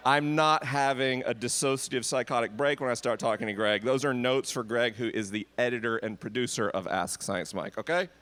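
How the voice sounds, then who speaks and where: A man's voice: medium pitch, steady tone, brisk, hardly any pauses, a bit bright, clean tone. A man hosting a live podcast Q&A on an outdoor festival stage, joking and self-deprecating with the crowd. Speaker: podcast host.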